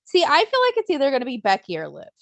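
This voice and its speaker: A young woman co-hosting a casual wrestling podcast, blunt and animated, swearing freely and acting out what fans would say. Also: high-pitched, fast talker, gravelly, no echo. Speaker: podcast co-host.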